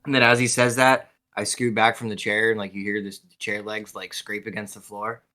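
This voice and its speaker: Bright, excitable male player. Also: on the low side, normal speed. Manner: excitable, rambling. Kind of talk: tabletop game chat.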